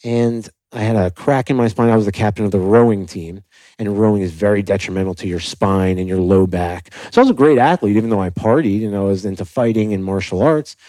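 A man's voice: on the low side, brisk, no echo, rough recording. A young adult man from South Florida, a podcast guest telling his story candidly and animatedly, with many "like" fillers. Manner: animated, acts out quoted dialogue, frequent "like" fillers.

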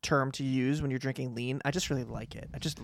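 A man's voice: medium pitch, fairly even intonation, fast talker, vocal fry. A young man co-hosting a podcast, joking playfully in casual chat. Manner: playful, riffs on jokes, laughs a lot. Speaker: podcast co-host.

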